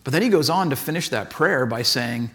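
A man's voice: medium pitch, expressive, brisk, a bit bright. A man giving a casual, conversational sermon as a pastor, telling stories in a chatty way full of "like" and acted asides.

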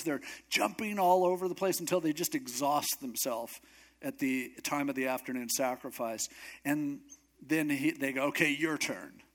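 A male pastor preaching a sermon in a relaxed, joking storytelling voice. His voice sits a little higher than most men's. He moves easily between retelling and wry asides.

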